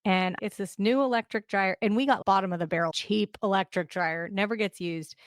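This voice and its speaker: A middle-aged woman co-hosting a podcast, telling a story in animated, quick bursts of casual chat. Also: medium pitch, no echo, studio quality. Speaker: podcast co-host.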